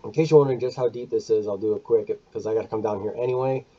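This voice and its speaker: A man's voice: lowish voice, steady tone, very fast, dark tone, breathy edge, highs cut off. A man giving a chatty, casual gameplay walkthrough, counting aloud and correcting himself as he goes. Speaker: gaming video creator.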